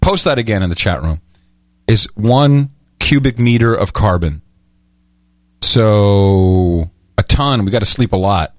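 A middle-aged man co-hosting a casual podcast, telling stories in a rambling, animated way. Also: on the low side, measured pace, no room sound. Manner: rambling, animated storytelling, with many restarts. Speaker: podcast host. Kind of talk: casual chat.

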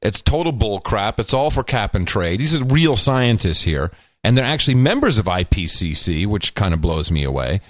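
A man's voice: on the low side, sing-song, moderate pace, no room sound, studio quality. A man co-hosting a casual political podcast, wisecracking and rambling with plenty of fillers. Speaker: podcast co-host.

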